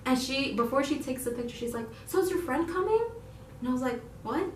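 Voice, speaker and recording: A young woman co-hosting a casual video, telling her story to viewers in an animated, giggly way and quoting herself in excited voices. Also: sits high, a little fast, a little hiss or hum. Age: young adult. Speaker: YouTube channel co-host. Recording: roomy echo, voice from a distance.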